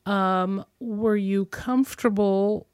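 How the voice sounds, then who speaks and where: Interviewer, woman: slow, measured and encouraging, with lots of affirmations, dry close sound. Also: medium pitch, fairly even intonation, a little mellow, clean tone, dry recording. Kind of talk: casual interview conversation.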